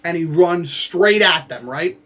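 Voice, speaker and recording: A man's voice: fairly high pitch, lively intonation, pushed and bright. Young man rambling through a book summary. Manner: rambling, lots of fillers and quick asides; acts out characters and gun sounds. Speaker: book reviewer.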